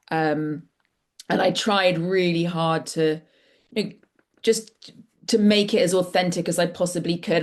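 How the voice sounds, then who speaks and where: A woman's voice: on the low side, a little mellow. A middle-aged woman author talking casually and enthusiastically at an online book launch, rambling with frequent restarts over a video call.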